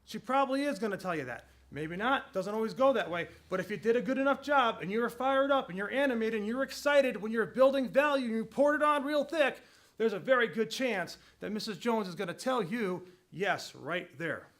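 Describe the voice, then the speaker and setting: A man giving a sales training talk, energetic and emphatic, repeating key phrases to drive each point home. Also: sits high, fairly quick.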